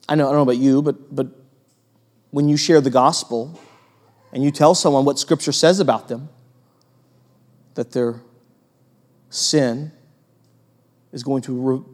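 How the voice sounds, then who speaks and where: Animated male preacher in a reverberant hall. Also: on the high side. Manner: animated, acts out quoted voices, asks the congregation questions. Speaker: pastor. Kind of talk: sermon. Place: church hall with long reverb.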